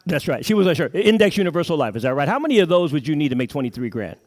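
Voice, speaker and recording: A man's voice: on the high side, big pitch swings, rapid-fire. A middle-aged man giving a live motivational talk to an audience in an event room, pumping up the crowd with questions. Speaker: motivational speaker at a sales event.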